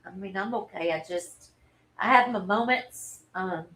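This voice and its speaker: A woman, telling a personal story in a halting, earnest and openly emotional way on a livestream. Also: medium pitch, fairly bright tone, poor audio. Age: 40s. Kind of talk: candid personal livestream talk.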